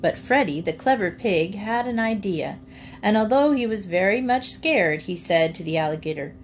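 A woman reading a children's storybook aloud in a clear, expressive way. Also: mid-range voice, moderate pace, slight background noise. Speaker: audiobook reader.

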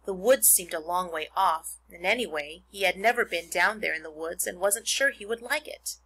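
A woman teacher reading a children's novel aloud to her pupils, expressive and stopping to explain words. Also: on the low side, moderate pace, slightly rough, poor audio.

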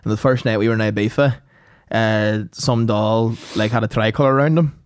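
A man's voice: fairly low pitch, fairly even intonation, fairly quick, clean tone. A young man, guesting on a podcast, telling crude stories in a casual chat and laughing often. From Northern Ireland.

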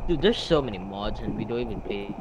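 A young man gaming with friends, excitable and swearing often, laughing a lot. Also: lowish voice, quick pace, muffled recording, over music. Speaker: gamer recording a session with friends. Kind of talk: casual gaming banter. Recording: faint background noise.

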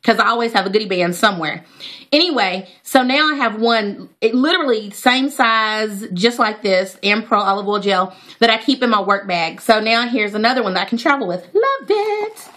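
A woman chatting excitedly to her viewers as she unboxes hair products in a casual vlog. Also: medium pitch, fairly quick. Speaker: natural hair vlogger.

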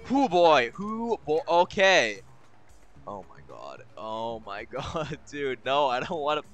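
A young male streamer keeps up a running, profanity-heavy commentary as he plays. His outbursts come in loud, exasperated shouts. His voice is bright and smooth and swings widely in pitch, with faint game music underneath. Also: sing-song, slow pace. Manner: swears constantly, bursts into exasperated shouting. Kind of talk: live gaming commentary.

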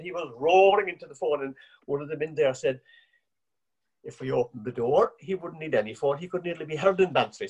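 A man with an Irish accent telling a folksy family anecdote at a relaxed, rambling pace. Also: a little high, slightly rough. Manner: relaxed, rambling yarn-spinning. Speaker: storyteller.

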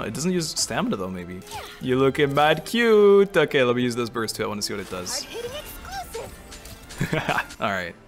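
A man giving excited, casual commentary while playing a video game, often laughing and exclaiming. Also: medium pitch. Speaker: gaming video creator.

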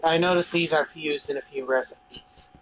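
A man's voice: a little high, steady tone, moderate pace, a bit bright, slight background noise, low-quality recording. A man hosting a game video, chatting and teasing his co-player casually. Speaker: let's play host. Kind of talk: casual gaming chat.

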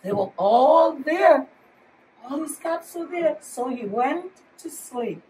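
A woman preschool teacher reading a picture book aloud to children in slow, expressive storytelling. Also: sits high. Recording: distant mic, faint room noise.

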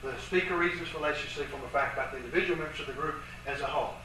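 A high, bright-voiced man lectures on scripture grammar with emphatic stress, drawing out quoted verses slowly. He is picked up from a distance in a very echoey room, with faint background noise. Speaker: Bible teacher. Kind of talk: lecture with charts.

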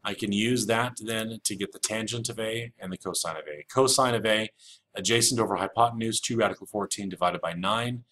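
A man's voice: on the low side, brisk, a bit bright, slight background noise. A man teaching a recorded geometry lesson, explaining step by step and repeating the key rules with casual fillers. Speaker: math teacher. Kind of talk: recorded flipped-classroom lecture.

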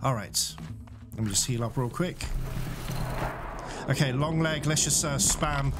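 A man's voice: medium pitch, a little slow, loud music behind the voice. A man narrating his video game playthrough to viewers, cursing and laughing when things go wrong. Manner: talks to viewers, swears and laughs when frustrated. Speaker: video game let's player. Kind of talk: live gameplay commentary. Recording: loud game sounds under the voice.

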